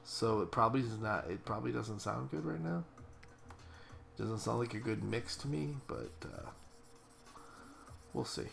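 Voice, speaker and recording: A man's voice: on the low side, measured pace, creaky, pauses often, a bit bright, faint music behind. A man thinking aloud in a rambling, casual way as he paints a character digitally, often correcting himself mid-sentence. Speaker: digital artist.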